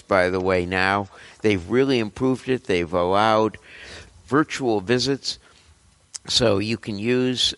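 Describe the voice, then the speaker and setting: Older man, physician host, lowish voice, loose and opinionated health chat. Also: fairly bright tone, long reverb tail. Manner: rambling, opinionated, halting with fillers. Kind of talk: casual health news commentary.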